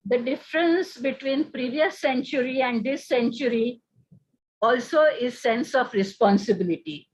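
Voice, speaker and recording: A woman moderating a seminar question session, polite and a little hesitant, with many filler sounds. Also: high-pitched. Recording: dull lo-fi sound.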